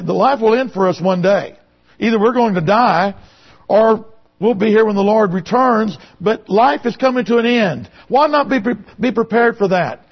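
A man's voice: sits high, creaky. A man preaching a sermon who reads scripture aloud, repeats phrases and presses his points with rhetorical questions. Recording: dull lo-fi recording.

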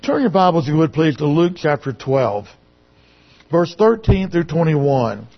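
High-voiced preacher on a dull recording. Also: male voice, sing-song, measured pace. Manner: repeats phrases, asks rhetorical questions. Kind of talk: sermon.

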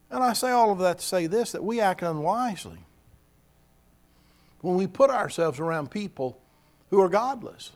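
A man's voice: sits high, gravelly, a bit bright. A man preaching a sermon, earnest and repeating key phrases for emphasis.

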